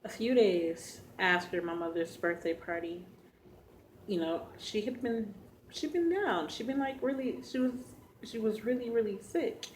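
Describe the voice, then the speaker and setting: A woman vlogger telling a personal story to her viewers, earnest and halting, speaking straight to them. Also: medium pitch, a little hiss or hum, low-quality recording. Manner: earnest, addresses viewers directly; halting, emotional retelling.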